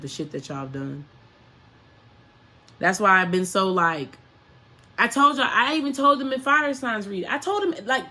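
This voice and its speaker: A woman's voice: mid-range voice, fairly bright tone. Woman spiritual coach chatting to viewers, emphatic, keeps asking the same questions over and over, swears casually. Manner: emphatic, repeats rhetorical questions, profane slang. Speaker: spiritual coach and astrology reader.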